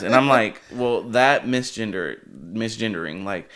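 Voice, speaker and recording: A man's voice: on the low side, a little slow, background noise. A man talking as an interview guest, easygoing, laughing as he tells stories. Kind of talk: casual interview chat.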